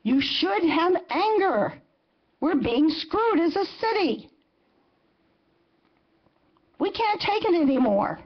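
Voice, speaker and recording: Indignant high-voiced woman in her seventies. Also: sing-song, slow pace, long pauses, highs cut off. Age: 70s. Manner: indignant, emphatic, repeats phrases for force. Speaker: resident giving public comment. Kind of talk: impassioned public comment at a council meeting.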